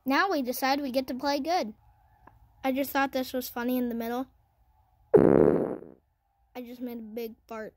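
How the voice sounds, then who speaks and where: A woman giving casual, self-mocking commentary over her own football video game, cheering in excited bursts. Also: high voice, normal speed, long pauses. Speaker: gaming channel host.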